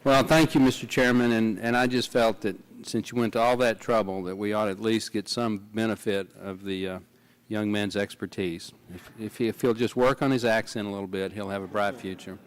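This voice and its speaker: A man's voice: lowish voice, steady tone, fairly quick, hardly any pauses, smooth. Male lawmaker, folksy and wry, formal hearing remarks. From Texas. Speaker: committee member.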